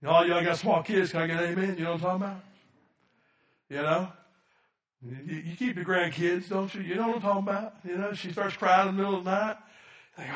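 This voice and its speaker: A male pastor preaching a sermon, dropping to soft low asides and then rising to shouted emphasis while calling for amens from the congregation. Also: fairly quick, recorded from a distance. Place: church sanctuary. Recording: echoey room from off the mic.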